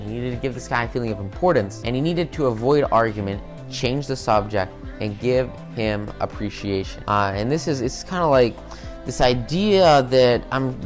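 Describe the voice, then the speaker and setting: A man giving a casual recorded business lecture, talking loosely with lots of "you know" and repeated words. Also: mid-range voice. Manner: conversational, many fillers and repetitions. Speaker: business skills instructor.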